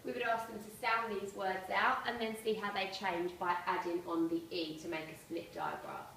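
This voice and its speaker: Teacher in an echoey room. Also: female voice, mid-range voice, expressive, fairly bright tone, recorded from a distance, a little hiss or hum. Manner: clear, explanatory, spells out letters slowly. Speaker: primary school teacher. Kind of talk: presentation to parents.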